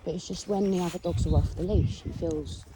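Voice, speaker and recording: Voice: mid-range voice, fairly even intonation, brisk. A speaker with an English accent chatting casually while walking a dog outdoors, rambling through a story and talking to the dog in between. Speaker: dog owner vlogger. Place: outdoors on a rural walk. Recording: noisy outdoor recording with wind and traffic.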